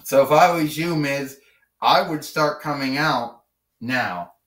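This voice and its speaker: Bossy lady wrestling villain, played by a man, taunting and slow-spoken, distant roomy mic. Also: mid-range voice, fairly bright tone. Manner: taunting, commanding.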